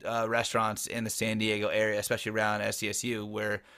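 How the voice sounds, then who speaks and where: A man's voice: fairly low pitch, completely flat delivery, fast, sharp tone. A man co-hosting a casual sports podcast, blunt and profane, telling stories with animation. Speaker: podcast co-host.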